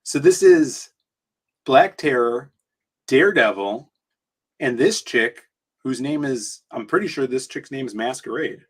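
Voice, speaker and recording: Slightly hoarse man chatting casually. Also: mid-range voice, animated, unhurried. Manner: rambling, flipping through comics and commenting. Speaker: co-host of a comics talk stream. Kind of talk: casual chat.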